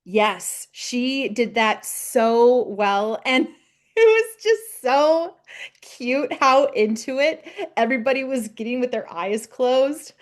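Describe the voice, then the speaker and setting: A woman's voice: fairly high pitch, takes it slowly. A woman co-hosting a podcast, chatting casually about a TV episode, gushing, laughing often and acting out characters' lines. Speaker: podcast co-host. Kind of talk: casual chat recapping a TV episode.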